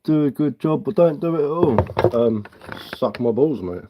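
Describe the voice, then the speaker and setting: Bloke in his thirties, live streamer, roasts his chat bluntly and sarcastically, mid-pitched voice. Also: expressive, moderate pace, lo-fi sound, noisy background. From England. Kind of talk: live stream reading chat while carving.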